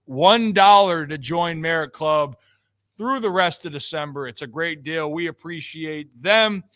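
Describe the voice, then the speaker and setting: A man's voice: fairly high pitch, measured pace. A man hosting a casual talk show, joking with his co-hosts and reading an ad. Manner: loose, joking, animated. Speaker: show host. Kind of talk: casual chat and ad read.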